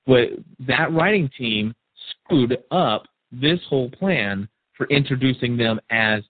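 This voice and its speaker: A man's voice: mid-range voice, lively intonation, slow pace, slightly rough, no echo. A man hosting a call-in discussion, rambling and repeating words as he thinks. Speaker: call-in show host. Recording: tinny phone-like line.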